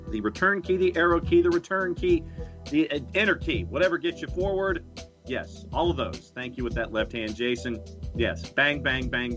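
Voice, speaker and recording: A man co-hosting a soccer podcast, doing a playful, hammy sponsor read in casual chat. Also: mid-range voice. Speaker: podcast co-host.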